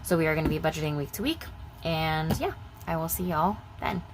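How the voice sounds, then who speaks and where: A woman's voice: deep voice, expressive, brisk, background noise. A young woman chatting casually in her vlog, rambling and repeating herself as she talks about budgeting. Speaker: budgeting vlogger.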